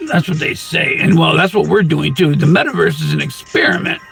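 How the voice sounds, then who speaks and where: A man with an intensely gravelly, fry-laden voice hosts his own channel, his pitch leaping about as he rambles through a spiritual monologue. He strings together rhymes and wordplay and breaks into sudden loud bursts. Faint music plays underneath, and his voice sits a little higher than most men's. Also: animated, fairly quick. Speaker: channel host.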